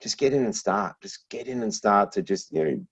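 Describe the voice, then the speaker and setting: A middle-aged man, a podcast guest, chatting casually and telling animated stories, laughing often and restarting his phrases. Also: fairly low pitch, moderate pace, vocal fry, slightly rough. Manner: animated storyteller with frequent laughs and repeated restarts. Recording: dull lo-fi sound.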